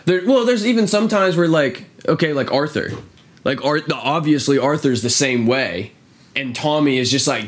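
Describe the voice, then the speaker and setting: A man hosting a casual podcast chat, swearing often and acting out quotes in a high voice. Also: expressive, moderate pace. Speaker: podcast host.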